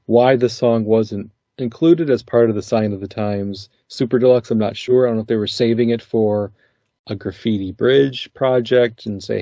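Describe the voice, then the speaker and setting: A man's voice: on the low side, moderate pace, no room sound. A man hosting a podcast, talking casually with a guest and laughing often. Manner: laughs often, relaxed conversational delivery. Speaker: podcast host.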